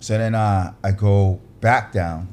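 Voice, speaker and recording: A low-pitched man tells a story from his acting days with a lot of energy. He keeps restarting and slipping into fillers, and he acts out the people in the story as he goes. Faint background noise sits under his voice. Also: fairly even intonation, slow, a little mellow. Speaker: actor and guest telling a story. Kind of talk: animated anecdote storytelling.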